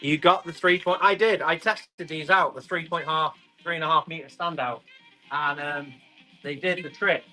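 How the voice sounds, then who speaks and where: A man talks casually through a live-stream tool sale, joking with the chat as he goes. His voice is bright and a touch high. Soft music plays faintly underneath. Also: normal speed. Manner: chatty and rambling, joking with the chat. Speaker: live online tool auction seller.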